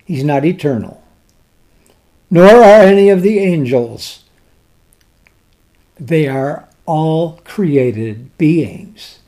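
Man preaching slow, voice swoops up and down a lot, kinda high. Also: animated. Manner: slow, dramatic preaching with swells and drops in loudness; reads scripture in old-fashioned wording. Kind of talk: sermon.

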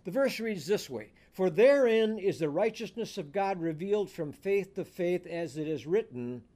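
Male pastor, higher voice, measured and emphatic sermon delivery. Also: lively intonation, dark tone. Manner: slow, deliberate preaching with emphatic scripture reading.

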